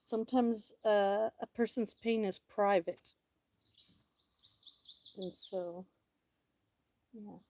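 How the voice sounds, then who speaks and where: Middle-aged woman, livestream host, casual outdoor chat, excitable, talks to viewers, phone mic. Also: medium pitch, slow, pauses often.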